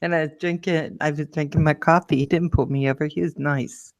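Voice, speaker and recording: A woman co-hosting a casual chat show, telling a lively story and acting out the people in it. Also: brisk, no room sound, studio quality. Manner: lively storyteller, acts out quotes in a high voice. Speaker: show co-host.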